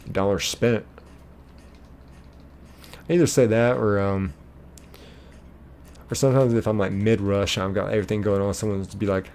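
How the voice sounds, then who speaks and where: A man hosts a live game stream in a relaxed, chatty way, reading out viewer comments as they come in. His voice sits low with a gravelly fry and a dark, mellow tone. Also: moderate pace, pauses often. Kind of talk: casual live-stream chat, reading chat messages.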